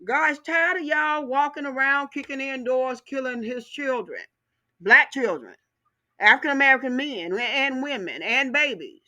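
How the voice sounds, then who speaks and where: A video commentator, a woman with a high voice, delivers an impassioned rant, driving her points home again and again in a fiery, preaching cadence. Her tone stays bright and sharp, and she's animated though a little slow.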